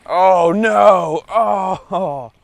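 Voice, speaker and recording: A man filming his own fishing trip outdoors on a lake, talking to himself and exclaiming loudly as things go wrong and right. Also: sits high, drawn-out words, vocal fry, slight background noise. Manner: excitable, exclaims and shouts often. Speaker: fishing vlogger. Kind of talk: self-filmed fishing vlog.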